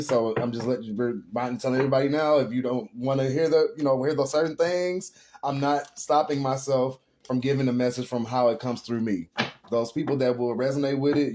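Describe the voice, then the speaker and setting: A man's voice: medium pitch, a little mellow, slight background noise. A man giving a casual spiritual tarot reading to viewers, talking in an earnest, emotional and rambling way. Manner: addresses viewers as y'all. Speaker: tarot reader.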